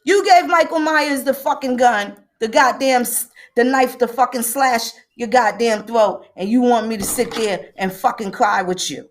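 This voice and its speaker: A woman's voice: a little high, moderate pace, hardly any pauses. A woman hosting a livestream, ranting emphatically with a lot of profanity and greeting viewers by name. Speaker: livestream host. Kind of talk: livestream commentary.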